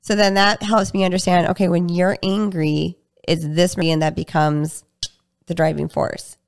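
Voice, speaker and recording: Gravelly woman explaining her practice. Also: normal speed. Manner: animated, acts out patient dialogue in higher voices. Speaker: guest practitioner. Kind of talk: casual interview chat.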